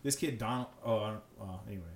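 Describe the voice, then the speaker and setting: A man, a teacher and podcast guest, telling classroom stories in animated casual chat, full of "like" and restarts. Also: lowish voice. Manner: fast, animated storytelling with many fillers. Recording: echoey room.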